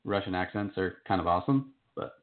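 A man's voice: sits low, fairly quick. A man, an author being interviewed, talking in an upbeat, casual and enthusiastic way. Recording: tinny phone-like line.

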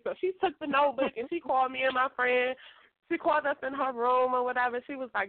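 Animated woman on a tinny phone line. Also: high voice, normal speed, dry recording. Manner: animated, laughing, acts out quoted voices. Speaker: guest author. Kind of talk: casual storytelling.

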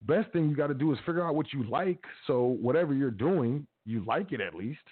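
Over a tinny, phone-like line, a man hosting a podcast preaches casually in a motivational talk. His mid-range voice is slightly rough, brisk, and lively in intonation, and he urges his point repeatedly.

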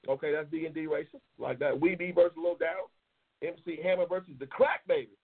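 Brief: male talk host, gravelly and husky, brash and profane, tinny phone-quality audio. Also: a little high, brisk. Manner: loud, profane and excitable, yelling at times. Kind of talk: casual livestream chat, reading race matchups.

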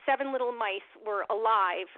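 A woman's voice: fairly high pitch, moderate pace, dry recording. Woman, interview guest over the phone, heartfelt, rambling, lots of ums, dry and tinny. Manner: emotional, rambling, many fillers and restarts. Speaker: guest, animal rights activist. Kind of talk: telling a personal story in an interview.

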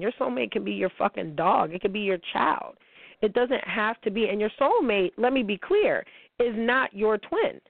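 Woman host, mid-pitched, blunt and profane, spiritual monologue over a dry, tinny phone-quality line. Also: no echo. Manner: blunt, profane and emphatic, often swearing; addresses listeners directly as y'all.

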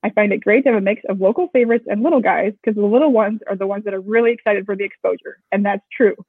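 A woman co-founder of a screen printing shop, talking briskly and casually in an interview, with joking asides. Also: mid-range voice, fairly even intonation, breathy edge, no echo. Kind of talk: casual explanatory interview talk. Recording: tinny phone-like audio, dry.

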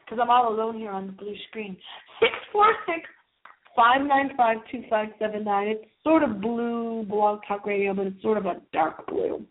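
A woman hosting a call-in internet radio show, campy and theatrical, teasing her listeners with swooping, drawn-out words over a tinny phone line. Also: mid-range voice.

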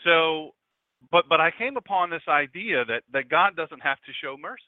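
A man's voice: on the high side, lively intonation, moderate pace, no echo. A man in his fifties from Delaware, a pastor preaching a conversational radio sermon with chatty, joking asides to his audience. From Delaware, USA. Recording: dry, tinny phone-like sound.

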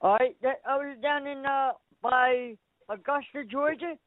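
A man's voice: very high voice, fairly even intonation, a little slow, no room sound. A man calling in to a radio show, rambling and repeating himself. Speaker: caller. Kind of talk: casual phone call. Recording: tinny phone line.

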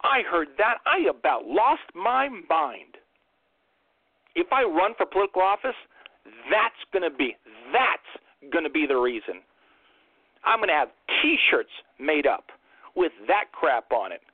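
A man's voice: fairly high pitch, very animated, a little slow, slightly rough, no room sound. Fiery man ranting over a phone line. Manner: fiery, ranting, rhetorical questions. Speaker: host. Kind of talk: impassioned political monologue.

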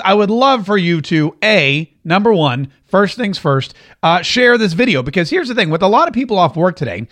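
A man's voice: sits high, a bit bright. A man hosting his own show, chatting casually and rambling to viewers, often restarting his sentences. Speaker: show host. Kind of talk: casual live-stream chat.

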